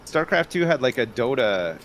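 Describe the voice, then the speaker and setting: A man's voice: mid-range voice, very animated, normal speed, a bit bright, slight background noise. A man chatting casually about games with a friend, hesitant, with restarts. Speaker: co-streamer. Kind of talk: casual gaming chat.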